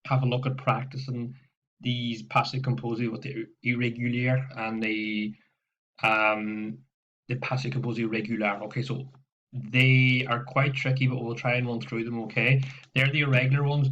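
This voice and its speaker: A man's voice: medium pitch, flat delivery, normal speed, a bit bright. A man teaching French, patiently walking students through exercises over a slightly dull laptop recording. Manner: explains patiently with frequent "okay" and repetitions. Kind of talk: recorded classroom lesson walkthrough. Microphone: laptop microphone.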